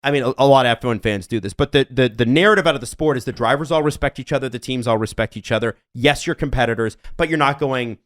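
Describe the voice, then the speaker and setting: A man's voice: medium pitch, fast, few pauses. A young man co-hosting a casual sports podcast, talking emphatically with rambling asides and some swearing. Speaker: podcast co-host.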